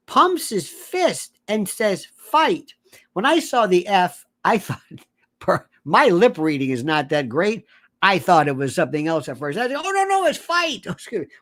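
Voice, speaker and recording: A man giving an animated commentary monologue. He rambles, corrects himself and acts out the voices of the people he describes. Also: sits high. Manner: digressive, theatrical, mimics voices, self-correcting.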